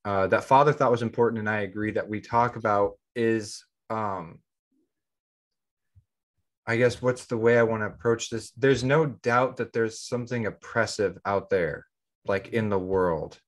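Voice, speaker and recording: A man chatting loosely as a podcast co-host, his voice sitting a little low. He rambles, fills his talk with "like" and keeps restarting sentences as he works out his point. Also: unhurried. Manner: rambling, heavy use of "like". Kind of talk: casual podcast chat.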